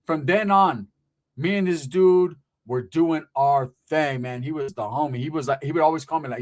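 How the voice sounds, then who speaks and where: A man's voice: on the high side, normal speed. A middle-aged man telling a street story in casual, profane slang, keeps checking in with "right?".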